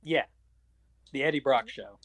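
A man's voice: medium pitch, unhurried, vocal fry, no echo. Eager young male film fan. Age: young adult. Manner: eager, fan-like, stumbling over fillers. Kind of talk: casual film chat.

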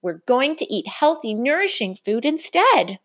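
A woman's voice: high-pitched, very animated, a little slow, voice pushed up, heavily acted. A woman reading aloud and voicing eager young bear cubs, a brother and sister. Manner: eager, pleading.

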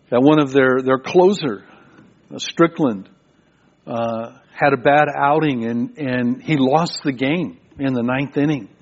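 A man's voice: medium pitch, a little mellow. A man preaching a sermon, often stopping and repeating words as he goes. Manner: halting, repeats words as he speaks. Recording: dull lo-fi recording.

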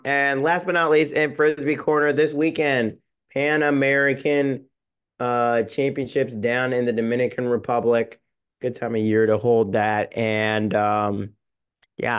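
Here a man with a clean, medium-pitched voice co-hosts a sports podcast. His chat is casual and rambling, peppered with ums and frequent restarts.

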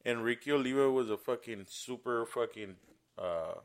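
A man's voice: medium pitch, moderate pace. A young man co-hosting a casual podcast chat, telling rambling, profane stories and mimicking the people in them. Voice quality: profane, rambling storyteller who mimics others. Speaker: podcast co-host.

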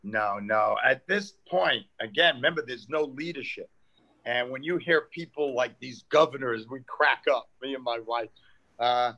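A man's voice: mid-range voice, moderate pace, lo-fi sound. An older man from New York, a comedian chatting casually and acting out the people in his stories. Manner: animated storyteller acting out quoted exchanges. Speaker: comedian guest. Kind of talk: casual storytelling chat.

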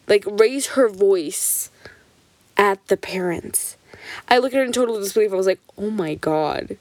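In this casual storytelling vlog, a young woman recalls childhood memories with plenty of cursing and constant "like" fillers. Her mid-range voice is recorded dry, and her delivery jumps animatedly from rapid to stretched-out phrasing.

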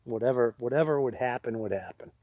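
Husky man spinning hunting yarns. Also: mid-range voice, fast, dark tone, no echo. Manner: rambling, laughing through his own stories. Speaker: podcast co-host. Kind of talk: casual storytelling chat.

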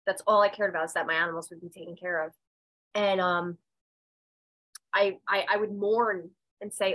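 A woman's voice: mid-range voice, fairly even intonation, moderate pace, fairly bright tone, rough recording. A woman, a podcast guest, telling her personal story candidly and emphatically, swearing freely. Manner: raw and emotional, voice dropping and rising. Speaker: podcast guest, medium and intuitive.

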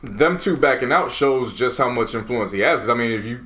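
A man co-hosting a podcast, calmly laying out his argument step by step in a casual debate among friends. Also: medium pitch, brisk. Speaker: podcast co-host.

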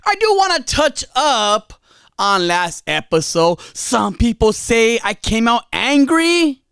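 A man hosting his own podcast, talking passionately and emphatically, with sudden loud bursts and low murmurs. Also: very animated, slow, gravelly, clean tone, dry recording, clean studio sound. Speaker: podcast host. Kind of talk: casual solo podcast talk. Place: podcast studio.

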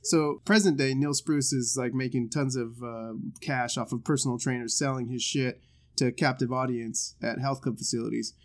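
A man's voice: medium pitch, fairly even intonation, moderate pace. A man hosting a casual reaction video, talking loosely and profanely and laughing often.

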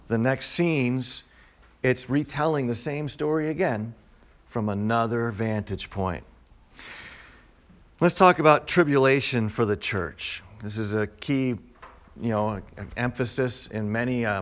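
A man's voice: mid-range voice, muffled recording. A man teaching a Bible study class in a conversational way, repeating key words with emphasis for the group.

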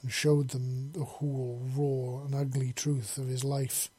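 A man narrating a story chapter in a steady, earnest reading voice. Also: medium pitch, unhurried, husky. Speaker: audiobook narrator.

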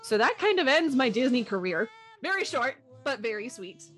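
A woman's voice: fairly high pitch, very animated, normal speed, a bit bright. Chatty woman podcast host. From Canada. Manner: chatty, self-mocking, acts out quoted voices. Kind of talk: casual chat.

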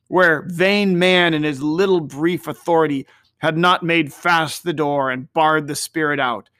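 A man hosting a daily series, reading a classic story aloud in a gentle, measured way. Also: on the high side, dry recording, studio quality. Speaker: storyteller host.

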